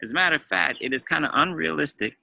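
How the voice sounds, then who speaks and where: A man's voice: on the high side, expressive, quick pace, creaky, pushed and bright, no echo, rough recording. A man talking as a dating coach, giving emphatic advice and repeating phrases to drive points home. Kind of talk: advice monologue to camera.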